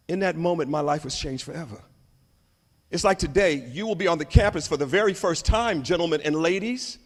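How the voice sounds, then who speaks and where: A man giving a motivational speech at a conference, telling stories in a dramatic, animated way. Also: on the high side, fairly quick. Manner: dramatic, animated storytelling with swings in loudness. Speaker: conference keynote speaker. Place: large conference hall. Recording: long hall reverb.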